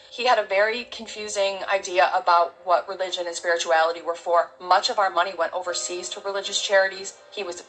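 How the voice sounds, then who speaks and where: A middle-aged woman, an interview guest, gives a halting, heartfelt personal testimony full of restarts. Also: mid-range voice, fairly bright tone, poor audio.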